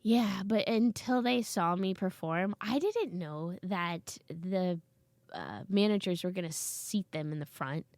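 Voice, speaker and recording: A comedian guest with a lower voice speaks at a measured pace in a dry recording from a basement studio. She's animated in a casual chat, telling stories and voicing her family members' lines.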